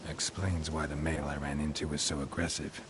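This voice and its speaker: An actor playing a gruff middle-aged male monster hunter in video game dialogue, speaking in clipped, matter-of-fact fragments. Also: very deep voice, level tone, fairly quick, noisy background. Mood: terse analytical. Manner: clipped, matter-of-fact, dropping subjects from sentences.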